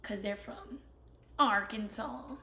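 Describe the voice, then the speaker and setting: A woman's voice: mid-range voice, slow pace, bright, forceful tone. A young woman from South Carolina, chatting casually while she paints, swearing freely, ranting, and muttering half-whispered asides to herself. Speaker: vlogger. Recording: roomy echo with faint ambience.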